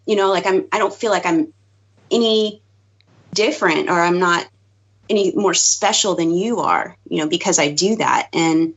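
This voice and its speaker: Woman, casual podcast chat, breathy, giggly, filler-heavy, muffled lo-fi sound. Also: fairly low pitch, normal speed. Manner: chatty, giggly, lots of fillers. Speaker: guest co-host. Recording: dull lo-fi podcast audio.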